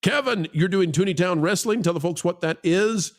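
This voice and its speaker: A man's voice: high voice, moderate pace. A man hosting a live online panel show, joking and teasing his co-hosts between plugs and reading out donations. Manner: jokey, teasing, rambling with fillers. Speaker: livestream host. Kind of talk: casual livestream panel chat.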